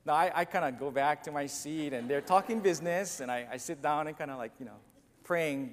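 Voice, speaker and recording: A man's voice: on the high side, brisk. A man preaching a sermon as pastor, telling a self-deprecating story and acting out the other voices. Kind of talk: sermon with a humorous personal story. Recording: long church reverb, faint noise.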